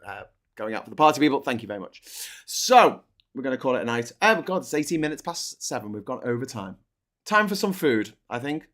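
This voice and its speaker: A man's voice: mid-range voice, very animated, fairly quick, fairly bright tone. A man with a Liverpool accent hosting a casual, sweary political chat show, rambling and joking about himself. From Liverpool, England. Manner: chatty, sweary, self-mocking. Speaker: host.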